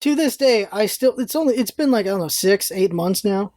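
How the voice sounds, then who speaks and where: A woman ranting in a casual vlog, animated and exasperated, laughing often and swearing freely. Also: mid-range voice, a little fast, no room sound, studio quality. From United States. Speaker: vlogger, show host.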